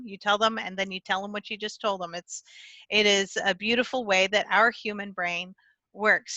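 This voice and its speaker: A woman's voice: medium pitch, bright, forceful tone, no room sound. A woman speaking at a conference, teaching how to write and explaining things step by step, with small slips and self-corrections along the way. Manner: talks with her hands. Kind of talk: conference talk.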